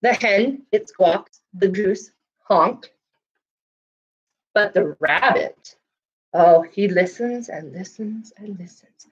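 A woman's voice: mid-range voice, takes it slowly, long pauses, dull audio. A woman library storyteller reading picture books aloud to young children, asking them questions as she goes, with an occasional cough. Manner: animated, asks young listeners questions. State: coughing now and then.

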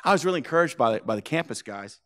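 A man's voice: mid-range voice, animated, racing, fairly bright tone. A man preaching a sermon to his church, telling the story playfully, acting out the characters' lines and laughing often. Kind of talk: animated sermon with acted-out scenes. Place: church sanctuary.

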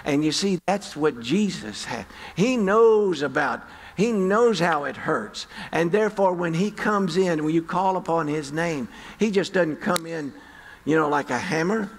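A middle-aged man preaches in a relaxed, folksy way, telling stories to his congregation. His voice has a gravelly edge. The sound rings with the long reverb of a church hall. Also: on the high side, a little slow. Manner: conversational storytelling, folksy. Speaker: pastor. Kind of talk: sermon. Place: church sanctuary.

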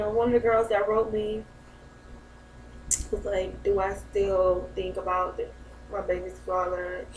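A woman's voice: mid-range voice, a little hiss or hum. A young mother, talking about her new baby in a heartfelt, rambling way and often laughing. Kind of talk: emotional personal vlog. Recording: echoey room, mic a bit far.

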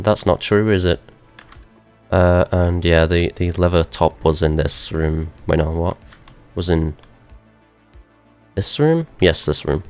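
A young man with a deep, low-set voice talks his way through a video game, thinking aloud in a rambling, wry way. Faint game music plays quietly behind him. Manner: rambling, self-talking, wry asides. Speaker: gaming video host. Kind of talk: let's play commentary.

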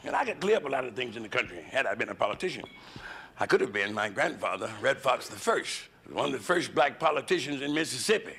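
Gravelly man doing raunchy stand-up. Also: medium pitch, big pitch swings, fast talker. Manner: gravelly, drawling, swings into loud shouted voices. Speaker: stand-up comedian. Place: comedy club stage with a live audience. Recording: loud hiss on an old live club recording.

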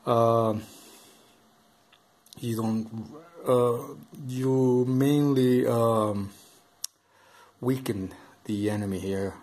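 Slow, hesitant man reading rules. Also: medium pitch, steady tone, darkish tone. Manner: hesitant, halting, full of uh and um. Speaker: board game unboxing host. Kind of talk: casual reading aloud from a rulebook. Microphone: camera filming over the table.

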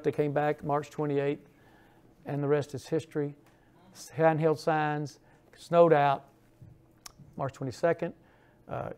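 An older man lectures on local history in a chatty, storytelling way, tossing in asides and questions to the audience. His voice sits a touch high and has a gravelly, creaky edge. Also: a little mellow. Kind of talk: informal history lecture with slides. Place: lecture hall.

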